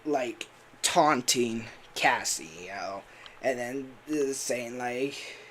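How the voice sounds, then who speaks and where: A male voice actor hangs out on a livestream, chatting in a rambling way full of fillers and laughter. He has a medium-pitched, slightly bright voice and a slow pace, and there's slight background noise.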